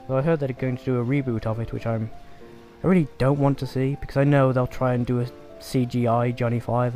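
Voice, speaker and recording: Mellow-voiced let's play host. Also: male voice, medium pitch. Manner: dry, joking, swears freely. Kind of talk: sarcastic gameplay commentary.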